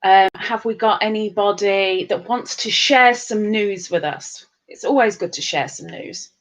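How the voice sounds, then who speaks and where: A woman's voice: mid-range voice, measured pace. A tired woman hosting a casual live stream, chatting bubbly and greeting viewers by name with big upward swoops.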